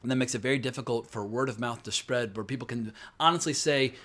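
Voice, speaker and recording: A man giving casual box office commentary on films, animated and conversational, with frequent swearing. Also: mid-range voice, a little fast. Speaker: film commentator.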